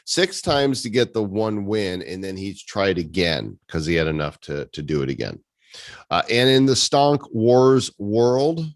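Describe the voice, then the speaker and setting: With a lowish voice and no echo, a man hosts a casual video-call community meeting. He trades sarcastic jokes with his co-hosts, teasing them throughout.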